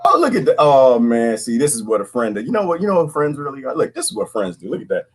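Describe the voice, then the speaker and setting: A man hosts a live stream in a casual, joking way, chatting straight to his viewers. His voice is husky and breathy. Its pitch swings widely, often breaking into laughter. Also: big pitch swings, fast. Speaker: comedian and live-stream host.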